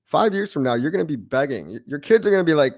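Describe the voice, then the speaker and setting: A man hosting a crypto livestream, talking casually to his chat in an excitable, brash way, mocking critics and repeating his lines for emphasis. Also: fairly high pitch, fast talker, no echo, studio quality. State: out of breath. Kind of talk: live-stream chat reacting to viewers.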